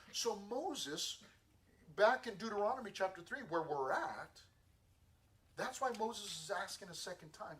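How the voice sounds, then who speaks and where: A man teaching a Bible lesson to a youth group in a casual, lively way, acting out the dialogue as he tells the story. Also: sits high, a little slow. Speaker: youth pastor. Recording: distant mic with faint room ambience.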